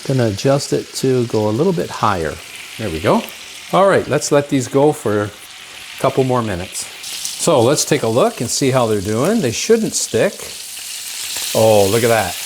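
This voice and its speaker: A man's voice: medium pitch, sing-song, normal speed. A man hosting a home cooking show, enthusiastic and chatty, calling the viewers folks as he cooks in his kitchen. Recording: clear background frying noise. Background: sizzling pan.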